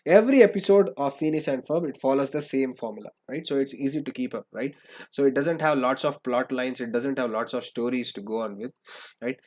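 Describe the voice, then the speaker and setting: A man's voice: medium pitch, fairly quick, a little mellow. Man teaching online. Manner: frequent "right?" tag questions, repeats phrases. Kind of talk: lecture to students.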